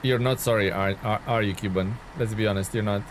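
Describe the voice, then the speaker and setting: A male streamer with a fairly low voice talks his way through a live gameplay session, greeting viewers and reacting as he drives. His tone stays casual and chatty throughout. A faint background hum sits under his voice. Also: fairly even intonation, brisk. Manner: chatty, greets and thanks chat while playing. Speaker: game streamer.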